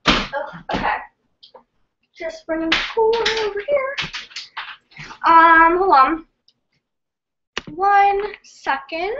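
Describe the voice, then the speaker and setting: Very high-pitched excitable young woman. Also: muffled recording, a little hiss or hum. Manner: excitable and scattered, giggly, quick to apologize. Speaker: livestream host reading viewer comments. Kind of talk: casual live-stream chat.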